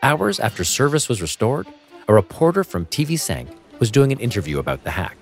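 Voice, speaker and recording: A man's voice: mid-range voice, huge pitch swings, brisk, faint music behind. A man hosting a podcast, telling a story in scripted narration with self-mocking humor, then chatting casually with his guest. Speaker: podcast host.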